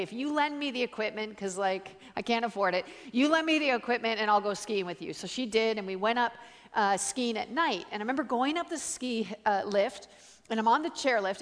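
A high-pitched woman from Canada giving a lively, story-driven sermon. She talks casually, peppering her lines with "like" and "uh" and jumping higher to act out quotes. Her voice rings with the long reverb of a large hall. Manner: animated, chatty, full of "like" and "uh", acts out quotes in higher voice. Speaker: guest preacher.

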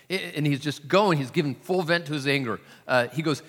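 Male pastor, sermon, conversational storytelling, self-deprecating, bright forward tone, long church reverb. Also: on the high side, a little fast, hardly any pauses.

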